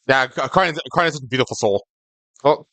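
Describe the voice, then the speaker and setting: Chatty young man, bright and forward. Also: medium pitch, fast talker, no room sound. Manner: rambling and stammering, tags lines with "okay?". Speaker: streamer. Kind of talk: casual live-stream chat with viewers.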